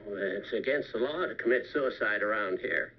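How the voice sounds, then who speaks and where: A man's voice: lowish voice, moderate pace, close to an everyday voice. An actor playing a weary, skeptical man. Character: weary, skeptical young man after a crisis. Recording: dull old film soundtrack with faint hiss.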